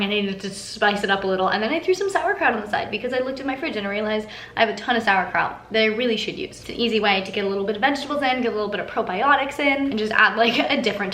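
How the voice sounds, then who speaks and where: A woman's voice: mid-range voice, pushed and bright. A woman chatting casually as a fitness vlogger, upbeat and chatty, often laughing. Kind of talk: casual vlog chat. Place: home kitchen, then out and about. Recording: echoey room, faint background noise.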